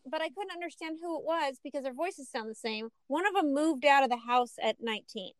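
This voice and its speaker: Curious woman podcast co-host, higher voice. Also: fairly quick, dry recording. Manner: curious, asks questions, teasing. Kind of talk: casual chat.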